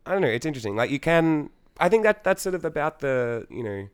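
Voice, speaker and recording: A man's voice: a little high, sing-song, quick pace, clean tone. A young Australian man, a singer in a band, chatting casually in an interview, rambling with lots of fillers, swearing and laughing.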